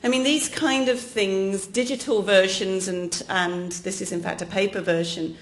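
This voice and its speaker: A woman from England with an English accent, giving an academic keynote lecture in a lively, jokey way, speaking straight to the audience. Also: mid-range voice, normal speed. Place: lecture hall.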